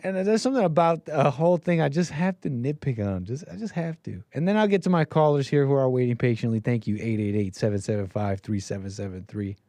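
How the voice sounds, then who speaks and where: A man's voice: mid-range voice, lively intonation, fast, hardly any pauses, mellow, dry recording. A man hosting a call-in show, talking in a rambling, emphatic way with many restarts. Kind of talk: casual commentary monologue.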